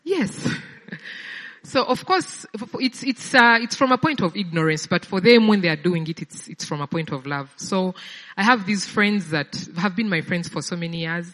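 Low-voiced woman giving testimony in a hall. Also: animated, normal speed, a bit bright. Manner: conversational, often repeats words while searching for them. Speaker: speaker sharing a personal testimony. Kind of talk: sermon-style testimony.

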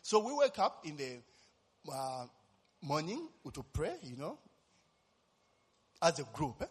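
Animated preacher with husky voice. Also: male voice, on the high side, slow pace, in a large hall. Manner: animated storytelling with constant tag questions. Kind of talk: sermon with personal testimony.

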